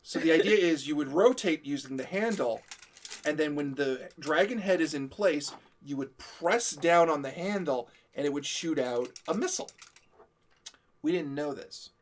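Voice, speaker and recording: A man's voice: fairly high pitch, lively intonation, moderate pace, a little hiss or hum. A young Canadian man chatting on a livestream, jokey and chiming in, explaining things in detail. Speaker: co-host. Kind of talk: casual stream chat and explaining.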